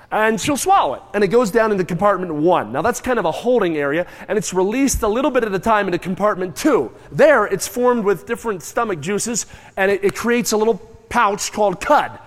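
A man preaches an animated sermon in a high, bright voice, mooing and chewing aloud for effect and calling on the crowd to answer back. A long reverb makes it ring as if in a church sanctuary.

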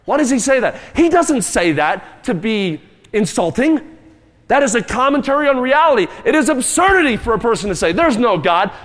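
A man's voice: very high-pitched, very animated, brisk, fairly bright tone, in a large hall. A man preaching a sermon in a church, emphatic and dramatic, acting out cries and quoted voices. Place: church sanctuary.

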